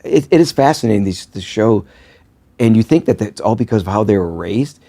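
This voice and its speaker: A man's voice: on the low side, animated, a little fast, gravelly, warm tone. A man from Wisconsin, a podcast guest in casual chat, who rambles, loses his thread and laughs often.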